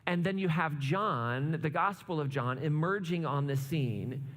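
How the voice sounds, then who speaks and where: A male pastor with a fairly high voice gives a relaxed, conversational sermon, full of jokey asides and "right?" check-ins. His voice rings out with a long reverb tail from a church hall. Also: unhurried. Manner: chatty, asks "right?" often, jokes asides. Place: church sanctuary.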